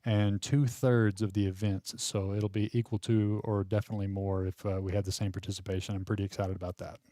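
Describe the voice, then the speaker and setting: A man's voice: fairly low pitch, little pitch movement, fairly quick, mellow, no room sound, studio quality. A man hosting a live poker stream, chatting casually with fillers and frequent laughs.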